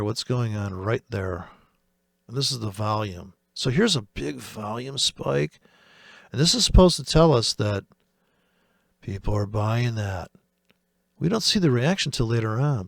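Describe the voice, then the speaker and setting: A man's voice: mid-range voice, expressive, moderate pace, gravelly, no echo, studio quality. A man from the United States giving rambling, profane, sarcastic commentary on the markets as host of a trading channel.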